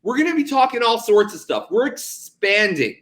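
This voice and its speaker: A young man co-hosting a casual betting podcast, energetic and jokey, hyping things up as he talks. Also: very high voice, normal speed. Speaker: podcast co-host.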